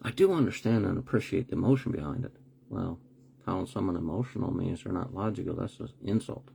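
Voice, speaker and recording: A man's voice: low-pitched, quick pace, creaky, warm tone, a little hiss or hum. A man hosting a live online broadcast, talking bluntly with rhetorical questions, sarcastic asides and the odd swear word. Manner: swears when annoyed. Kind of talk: live-streamed commentary.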